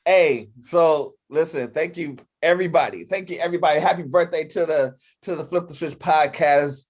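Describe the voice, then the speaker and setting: A man hosting a casual livestream podcast. He talks in quick, excited bursts and often repeats himself. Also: on the high side. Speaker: podcast host.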